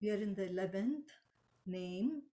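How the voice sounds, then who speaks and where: A woman teaches the meaning of sacred names over a video call, speaking very slowly and patiently. She explains each point gently and now and then chants a mantra. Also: medium pitch, fairly even intonation.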